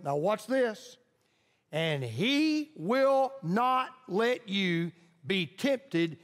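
A man pastor preaching a sermon emphatically, repeating lines for stress and leading his congregation in call-and-response. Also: high-pitched. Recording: long reverb of a large hall.

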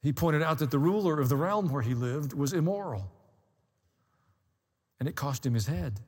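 A man with a notably high voice delivers a sermon from the pulpit, mixing dry asides with rising emphasis. His words ring out with a long reverb, as if in a large sanctuary. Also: lively intonation, moderate pace, a little mellow, breathy edge. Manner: conversational preaching with dry humor and rising emphasis. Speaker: pastor.

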